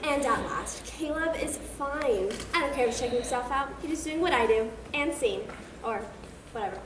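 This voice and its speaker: Actress as an offhand, high-voiced girl, heard from afar over a loud crowd. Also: expressive, normal speed, roomy sound. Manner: offhand, trailing off. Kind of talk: stage play dialogue. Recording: distant stage mic, loud crowd and noise.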